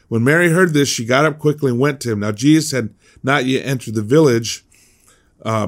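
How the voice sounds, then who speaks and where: A male pastor reading a passage of scripture and explaining it in an informal devotional, often repeating words as he restarts a thought. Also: medium pitch. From United States. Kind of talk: devotional Bible teaching.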